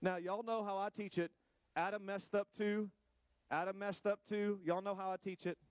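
Male pastor, high voice, dry sound; lively sermon with joking asides, stretches key words. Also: normal speed, smooth, dry recording. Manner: animated preaching with playful asides to the congregation.

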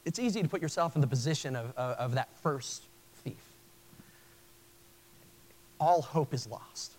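A man's voice: on the high side, animated, measured pace, darkish tone, slight background noise, poor audio. A male pastor preaching a sermon in an earnest way, often stopping and restarting his phrases. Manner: earnest, with frequent stammered restarts.

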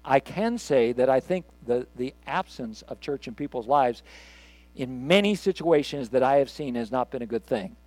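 An older male pastor delivering a recorded sermon in a conversational way, moving between loud emphatic lines and quiet asides. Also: medium pitch, lively intonation, moderate pace, no echo.

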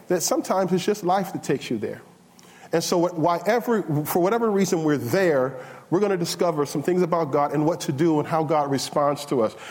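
A man preaching a sermon in a conversational, down-to-earth way, climbing higher and louder as he gets fired up. His voice sits a little high for a man. It rings out with a long reverb from the church hall. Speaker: pastor. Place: church sanctuary.

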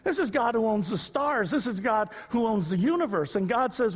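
A man's voice: high-pitched, expressive, moderate pace. A man preaching a sermon, telling stories and rising to emphatic peaks. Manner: storytelling preacher, builds to loud emphatic peaks. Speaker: pastor. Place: church sanctuary. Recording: long reverb of a large hall.

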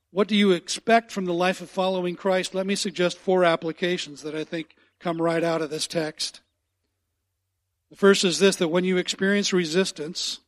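Emphatic high-voiced male pastor. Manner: earnest, emphatic, repeats key phrases. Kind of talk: sermon.

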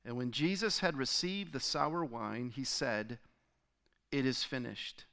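A male pastor delivers a sermon with a smooth, resonant voice at a middle pitch. He reads scripture aloud with dramatic swells, pushing some phrases out loudly and letting others sink low and soft. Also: slow. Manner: dramatic reading with sharp rises and drops in loudness.

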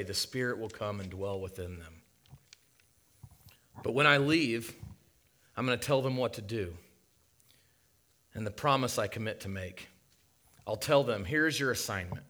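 A man preaching a sermon as a dramatic monologue, impassioned and swinging from loud to hushed. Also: fairly low pitch.

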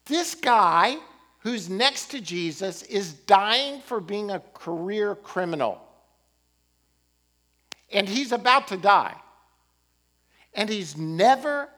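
A man preaching a sermon as pastor, building emphasis with rising and falling delivery. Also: on the high side. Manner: animated, rising and falling emphasis with occasional laughs.

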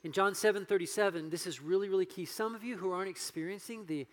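A male pastor with a notably high voice delivers an earnest sermon, pressing his points with growing passion. The sound rings with the long reverb of a large church hall. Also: fast. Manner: earnest, building to loud passionate preaching.

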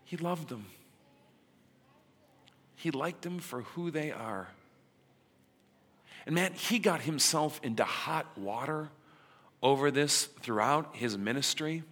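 A male preacher speaks in a bright, forceful voice, casual and emphatic by turns, leaning on pauses for effect. A long hall reverb follows every phrase. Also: fairly high pitch. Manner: conversational and emphatic, with dramatic pauses. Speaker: pastor. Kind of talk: sermon.

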